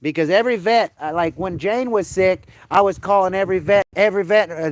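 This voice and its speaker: A man's voice: sits high, a little fast, no room sound. A man, ranting on a casual livestream outdoors, heated, profane and rambling while grieving his dog. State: grieving, upset.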